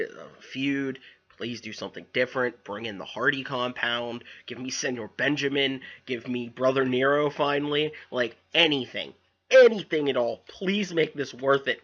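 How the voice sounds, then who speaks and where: A young man casually recapping a wrestling show, rambling and animated with lots of fillers. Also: mid-range voice, lo-fi sound.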